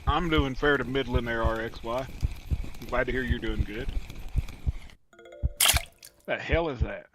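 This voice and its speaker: A man's voice: medium pitch, unhurried, noisy background. A man live-streaming a game, chatting casually with crude, teasing banter and folksy slang. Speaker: streamer playing a fishing game.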